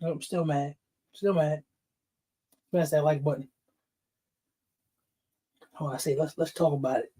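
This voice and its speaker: A man's voice: fairly high pitch, steady tone, a little slow, pauses often, warm tone. A man hosting a casual livestream, greeting chatters by name, laughing often and getting fired up. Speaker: livestream host.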